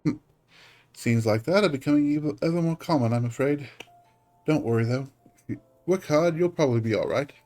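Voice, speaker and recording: A man's voice: fairly high pitch, fairly quick, long pauses, darkish tone, voice pushed up, close to an everyday voice. A man playing a jovial, fatherly old guild official. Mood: hearty, jovial. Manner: jovial, folksy and chiding. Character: hearty, fatherly older male guild official.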